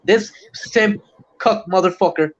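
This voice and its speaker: A man's voice: high voice, a little slow. A man hosting a livestream, ranting in casual, heavily profane chat. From Puerto Rico. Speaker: livestream host. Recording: muffled lo-fi stream audio.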